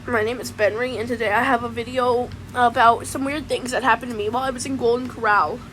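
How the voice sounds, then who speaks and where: Brief: woman playing a laid-back mullet guy telling a goofy story, says "man" constantly, slightly high voice, faint hiss. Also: steady tone, fast, fairly bright tone, close to an everyday voice, poor audio. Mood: rambling. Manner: rambling, ends nearly every sentence with "man". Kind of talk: comedic in-character story time.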